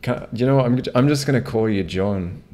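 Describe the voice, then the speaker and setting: A fairly quick, darkish, medium-pitched male voice comes through a home mic with slight background noise. He's streaming a game, rambling and cursing as he keeps restarting his thoughts.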